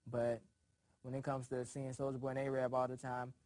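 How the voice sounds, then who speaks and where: A man's voice: mid-range voice, monotone, a little fast, darkish tone, dry recording. A man reflecting casually on a friendship in a documentary interview.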